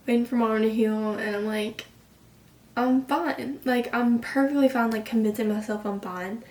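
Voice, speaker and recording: A woman's voice: fairly high pitch, a little mellow. A young woman in her late teens telling a personal story in an emotional, rambling way, full of "like". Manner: emotional, rambling, heavy use of "like". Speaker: vlogger. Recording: roomy sound from a distant mic.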